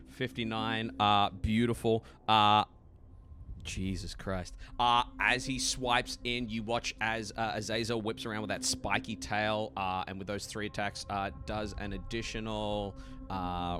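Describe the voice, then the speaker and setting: A man narrating as game master in a one-on-one tabletop game, relaxed and filling pauses with frequent "uh" sounds. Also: deep voice, vocal fry, noisy background. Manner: relaxed, many "uh" fillers, quick laughs.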